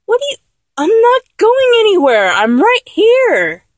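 A woman's voice: fairly high pitch, animated, slow pace, no room sound. A woman playing a flustered young lover who keeps trying and failing to act dominant, in a comedic audio role-play, talking in an exasperated, self-correcting way.

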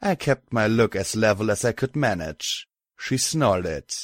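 A man narrating a storybook in a steady, measured way. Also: fairly low pitch, no room sound. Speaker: audiobook narrator. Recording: dry close mic, faint music.

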